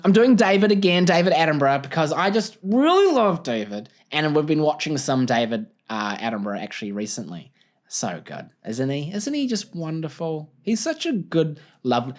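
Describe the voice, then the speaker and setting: New man, solo podcast host, goofy rambling, very animated pitch. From New Zealand. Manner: goofy, rambling, laughs at his own jokes. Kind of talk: casual solo podcast monologue.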